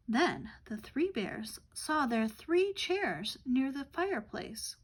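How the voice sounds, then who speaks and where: Slow, gentle woman reading a storybook. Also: fairly high pitch, expressive, husky. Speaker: children's storyteller. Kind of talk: reading a picture book aloud.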